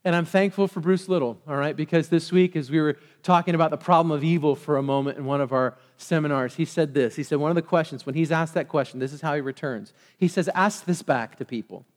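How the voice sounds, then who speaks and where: A man preaches to his congregation with a high-pitched voice. He keeps throwing questions out and waiting for them to answer back. His voice rings through the long reverb of a church hall. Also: fast talker, few pauses. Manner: call-and-response preaching, quizzing the congregation. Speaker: pastor. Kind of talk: sermon. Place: church sanctuary.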